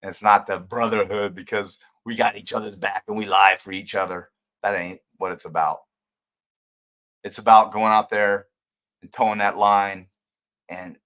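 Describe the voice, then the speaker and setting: An older man, a former detective, hosts a livestream and rambles emotionally while answering viewer comments. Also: fairly low pitch. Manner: emotional, ranting, rambling, swings between loud and quiet.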